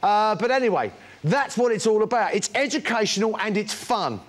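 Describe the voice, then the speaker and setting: A man's voice: high voice, lively intonation, normal speed. A British man presenting a shopping channel demonstration, chatty and enthusiastic, full of anecdotes. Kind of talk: live product demonstration sales pitch.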